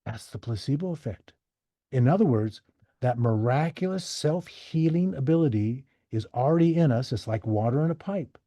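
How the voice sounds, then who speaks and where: Husky-voiced man telling animated stories. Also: medium pitch, normal speed, no echo. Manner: animated, acts out quoted voices. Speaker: podcast guest. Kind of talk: casual storytelling.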